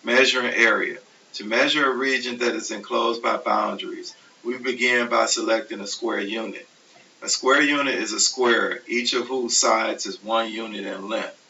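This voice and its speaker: Distant gravelly man teaching a math lesson. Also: on the low side, moderate pace. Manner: steady, methodical explaining, self-correcting. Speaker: math instructor. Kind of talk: recorded lecture over slides. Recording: distant, dull, hissy classroom recording.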